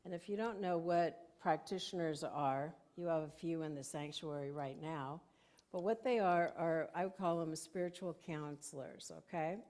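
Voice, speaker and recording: A woman's voice: sits low, moderate pace, darkish tone. An older woman minister giving a conversational sermon in a church sanctuary, telling stories and laughing often.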